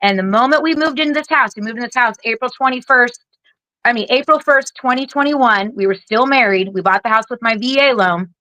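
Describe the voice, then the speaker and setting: A woman in her forties, a military veteran and podcast guest, telling her story in a blunt, heavily profane, rapid-fire way. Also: on the high side, sharp tone, dry recording, rough recording. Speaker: guest, Air Force veteran.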